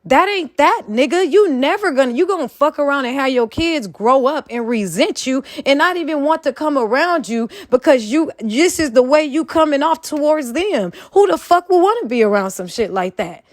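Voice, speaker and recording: High-pitched woman ranting, dry sound. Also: animated, moderate pace, hardly any pauses, dry recording. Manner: heated, profane, scolding. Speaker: commentary vlogger. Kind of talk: opinion rant.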